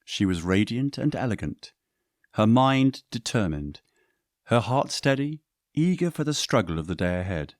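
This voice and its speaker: A man reading scripted story narration in a descriptive, measured way. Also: fairly low pitch, sing-song, dry recording, studio quality.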